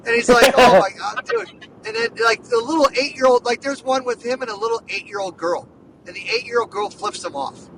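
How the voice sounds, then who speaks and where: A man hosting a casual sports podcast, talking in an excited, rambling way full of "dude" and "like.". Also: very high voice, a little fast, recorded from a distance, a little hiss or hum, low-quality recording. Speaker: podcast host.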